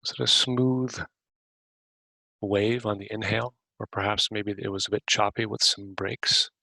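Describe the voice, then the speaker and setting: A man hosting a podcast, gently guiding a breathing meditation with unhurried questions to the listener. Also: lowish voice, flat delivery, vocal fry, no room sound, poor audio. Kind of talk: guided meditation.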